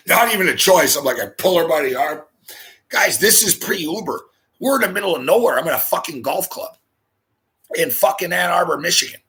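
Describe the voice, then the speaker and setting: Brief: middle-aged Canadian male host, bright forceful voice, profane storytelling rant. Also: fairly high pitch, gravelly. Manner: animated, swears constantly, laughs mid-story.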